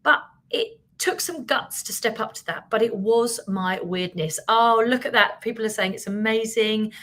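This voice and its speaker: A British woman with a British accent, hosting a casual live stream as a business coach, chatting quickly and animatedly and reading out viewer comments. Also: fairly high pitch. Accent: British English. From Britain. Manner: fast-talking, animated, chatty and self-mocking.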